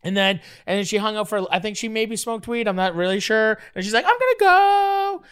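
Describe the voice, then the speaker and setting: A man's voice: sits high, a little fast, clean tone. Rambling Canadian man telling wild stories. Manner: rambling, animated, acts out voices in his stories. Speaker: podcast guest. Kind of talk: casual storytelling.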